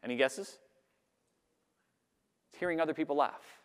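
A man giving a lively talk to a live audience, acting out the voices of the people he describes. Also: on the high side, normal speed, clean tone. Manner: animated, acts out audience voices. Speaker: public speaker. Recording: long hall reverb.

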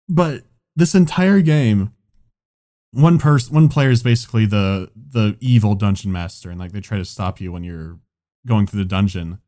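A man's voice: mid-range voice, dark tone. A man telling a long casual anecdote, rambling with lots of "like" and swearing. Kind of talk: casual chat.

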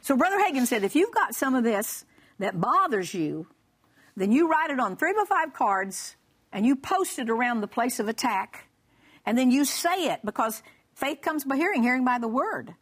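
With a high voice at a moderate pace, this woman gives a comic personal testimony as a guest on a Christian broadcast. The telling is animated, with dialogue performed and laughter mixed in.

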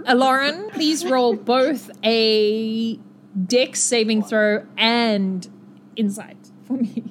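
A woman's voice: on the high side, slow pace, slight background noise. A woman acting as game master, narrating a tabletop game in a chatty way with many fillers.

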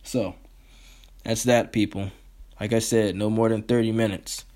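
A man's voice: on the low side, level tone, unhurried, warm tone. A man hosting his own podcast, ranting in a heated, profane, rambling way. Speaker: podcast host. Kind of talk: solo podcast rant.

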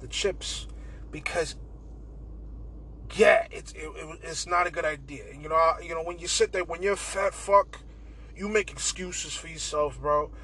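A young man with a high, bright, tense voice rambles through a casual podcast monologue, swearing freely and tossing in "bro" constantly. A faint hiss sits under the recording. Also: fairly even intonation, moderate pace, poor audio. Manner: rambling, profane, keeps saying "bro". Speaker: podcast host.

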